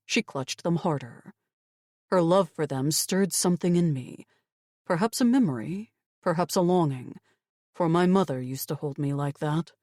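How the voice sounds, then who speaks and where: A woman giving measured, expressive first-person narration of a fantasy audiobook. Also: low voice, dry recording, clean studio sound.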